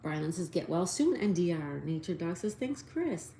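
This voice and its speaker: A woman's voice: on the low side, big pitch swings, moderate pace, dark tone, slight background noise. A woman hosting a casual live stream, spelling out answers letter by letter and reading viewer comments aloud.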